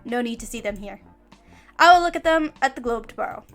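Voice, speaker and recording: A woman reads as a heavy-set old master with a thick put-on accent, who talks in blunt, broken phrases. The voice stays high and bright for such a big man. Faint music plays under the voice. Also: animated, a little fast. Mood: gruff, blunt. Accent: heavy foreign accent, put on. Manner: broken clipped speech, blunt.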